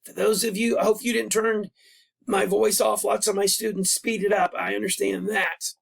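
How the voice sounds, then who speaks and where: A man, a history teacher, explains a writing assignment and how he grades it. He speaks in a plain, patient way with casual asides, and his voice is hoarse and worn out after a long day. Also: sits high, flat delivery, moderate pace. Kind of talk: recorded classroom lesson over a screen. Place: at a computer, voice-over.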